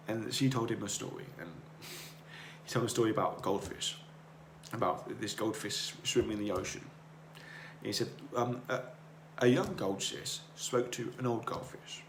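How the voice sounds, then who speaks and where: A man's voice: fairly low pitch, normal speed, vocal fry, fairly bright tone. Earnest, rambling man in an echoey room. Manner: earnest, rambling, repeats words. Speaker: podcast host. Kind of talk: motivational monologue. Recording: roomy echo, faint noise.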